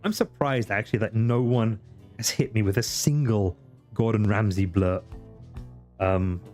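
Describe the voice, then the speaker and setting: A man's voice: on the low side, a little slow, a little mellow, faint music behind. A man live-streaming a video game, chatting casually with viewers, swearing often and teasing in mock-grumpy banter. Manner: greets and chats with viewers while playing.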